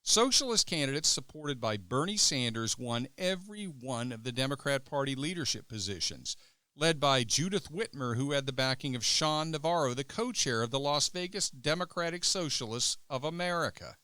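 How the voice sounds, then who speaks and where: A man's voice: mid-range voice, expressive, normal speed, sharp tone, dry recording. A man hosting a political podcast, reading scripted commentary in a sarcastic, mocking way. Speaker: podcast host.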